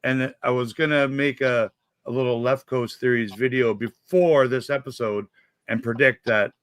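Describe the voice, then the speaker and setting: A man's voice: mid-range voice, steady tone, moderate pace, dry recording, clean studio sound. A man co-hosting a casual after-show chat, rambling and retelling scenes. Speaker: podcast co-host.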